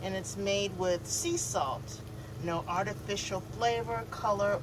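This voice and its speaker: A woman's voice: mid-range voice, measured pace, background noise. A woman chatting casually through an off-grid cooking vlog, describing her food and talking to her pets. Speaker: vlogger. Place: living off grid, in or by a vehicle.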